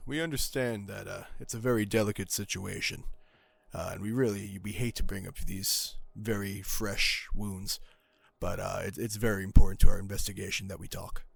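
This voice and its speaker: A man playing an agent in a tabletop game, calm and apologetic. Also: fairly low pitch, moderate pace, vocal fry, husky, no echo. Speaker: player. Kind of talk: casual in-character role-play.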